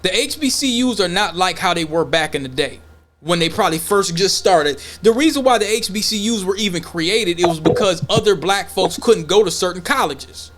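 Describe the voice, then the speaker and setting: A man's voice: sits high, normal speed, slight background noise. A man co-hosting a podcast in casual opinion talk, blunt and profane, acting out imagined dialogues as he goes. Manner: animated, acts out imagined dialogues. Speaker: podcast co-host.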